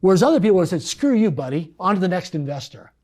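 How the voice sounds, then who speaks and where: A man's voice: high voice, racing. A man telling a personal business story in casual conversation, acting out the voices of the people in it. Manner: animated storyteller acting out quoted dialogue. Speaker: podcast guest.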